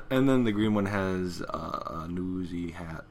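A man's voice: sits low, animated, slow, a bit bright, slight background noise. A man co-hosting a podcast in casual chat; laid-back, cursing freely and laughing often. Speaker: podcast co-host.

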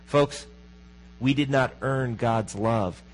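A man preaching a sermon as pastor, in a conversational manner, often asking the congregation questions and dropping to a hushed voice for emphasis. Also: medium pitch, slow pace, slight background noise, rough recording.

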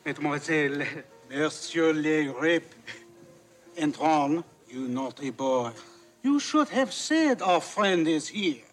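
A fawning French chef who makes a fuss over his favorite guest, speaking slowly and drawing out each phrase. His French accent sits over faint music, heard a little far off. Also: a little high, expressive. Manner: gushing, fussy. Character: fawning French restaurant chef, adult man.

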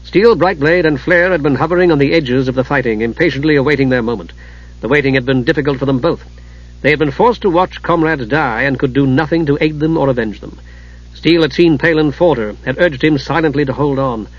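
A man narrating a fantasy audiobook in a steady, dramatic reading, on a dull lo-fi recording. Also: on the high side, brisk.

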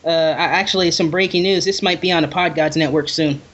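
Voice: mid-range voice, fairly even intonation, brisk, fairly bright tone, muffled recording. A podcast co-host chatting casually in a wry way and laughing easily. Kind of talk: casual chat.

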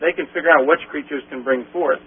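A man's voice: on the high side, steady tone, fast, husky. A man co-hosting a call-in radio show who cracks sarcastic jokes and cuts in firmly. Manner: sarcastic, jokey, interjects firmly. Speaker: radio co-host. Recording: tinny phone line.

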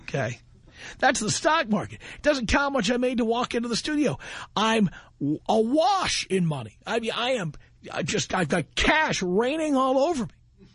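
Brash, animated male radio host. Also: extremely high pitch, normal speed, husky, dry recording. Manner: brash, boastful, mocking. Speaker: radio talk show host. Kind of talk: radio talk monologue. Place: radio studio.

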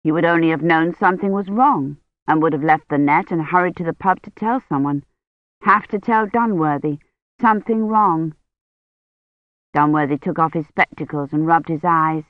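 An audiobook narrator reading a novel in a measured, even way. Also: mid-range voice, dry recording. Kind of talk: scripted narration. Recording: dull lo-fi dry studio audio.

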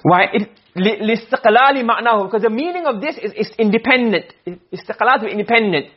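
A man with a high, husky voice teaches a fast-paced class on Arabic rhetoric. Switching between Arabic text and English explanation, he regularly asks "okay?" and "you understand?" The lecture is captured in dull, lo-fi classroom audio.

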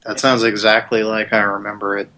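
Bright-toned easygoing male co-host. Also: on the low side, little pitch movement, a little fast, low-quality recording. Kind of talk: casual chat.

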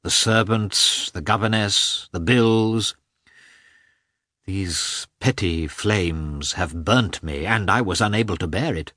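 A man voicing a humiliated, self-pitying official who speaks in a strained, high, shaky voice. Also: slow pace, sharp tone, no room sound, clean studio sound, full character voice. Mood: anguished. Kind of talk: audiobook character voice.

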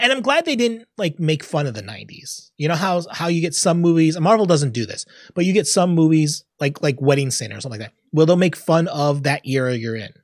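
A man co-hosts a relaxed movie podcast and acts out his own reactions as he goes. His voice sits a bit high, and it is recorded dry with no room sound. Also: dry recording. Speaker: podcast co-host. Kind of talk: casual chat.

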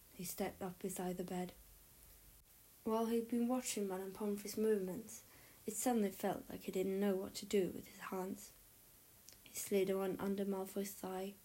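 A woman reading a story aloud in a soft, breathy narrating voice. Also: mid-range voice, rough recording. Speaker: audiobook narrator. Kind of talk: reading fan fiction aloud.

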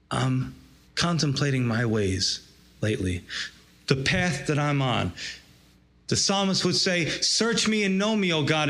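A man's voice: a little high, a bit bright. A man preaching a sermon, reading scripture aloud and drawing out its lesson with rising emphasis. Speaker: pastor.

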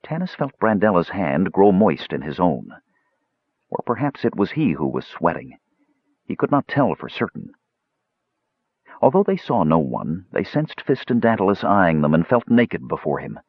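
A man narrating a fantasy audiobook with steady, scripted storytelling. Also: sits low, normal speed, husky, no echo, dull audio.

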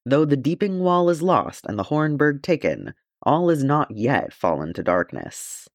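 A man's voice: fairly high pitch, sing-song, a little slow, no room sound, studio quality, voice pushed up. A man reading the part of a courteous, stalwart male dwarf warrior in an audiobook, in formal, gallant speech.

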